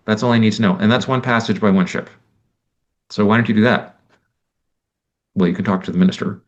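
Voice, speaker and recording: A man giving a conversational lecture, animated and exasperated, acting out imagined exchanges and often restarting his sentences. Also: on the low side, brisk, pauses often. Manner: many restarts and self-corrections.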